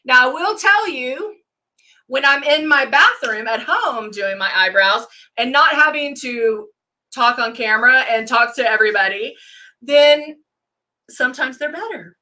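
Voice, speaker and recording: A woman's voice: sits high, animated, measured pace, sharp tone. A middle-aged woman hosting a makeup live stream, chatting casually as she works and greeting viewers by name. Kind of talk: casual demo chat.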